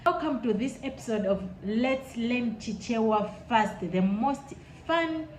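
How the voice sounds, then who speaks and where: A woman from Malawi with a Malawian accent, teaching a language lesson in an enthusiastic way and repeating words slowly for learners. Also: on the high side, lively intonation, a little mellow. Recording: echoey room with faint noise.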